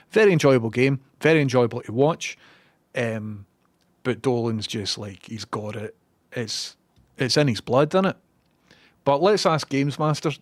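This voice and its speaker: Rambling streamer, sweary and casual. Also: male voice, medium pitch, no room sound. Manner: rambling, sweary, self-mocking. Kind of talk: casual chat.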